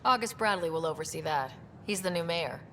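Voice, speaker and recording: A calm young explorer in a video game who chats with the people she meets. Her voice sits a little low, and her manner is friendly and curious. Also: fairly quick, slight background noise.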